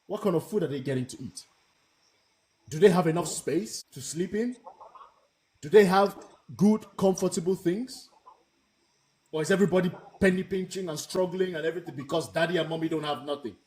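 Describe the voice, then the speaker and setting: A man's voice: on the high side, a little fast, long pauses, darkish tone. A man hosting a live panel discussion, talking bluntly and emphatically and repeating his points. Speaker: host.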